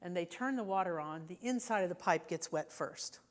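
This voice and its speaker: A woman's voice: fairly low pitch, animated, normal speed. A woman minister giving a sermon in a conversational way, often checking in with the congregation. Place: church sanctuary.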